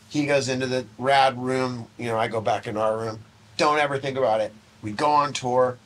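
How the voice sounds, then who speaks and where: A man's voice: medium pitch, moderate pace, slight background noise. A middle-aged man telling a long anecdote in a casual interview, acting out the other people's lines and swearing freely. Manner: animated anecdotes, acts out quoted voices, swears casually. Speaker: interview guest. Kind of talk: casual storytelling.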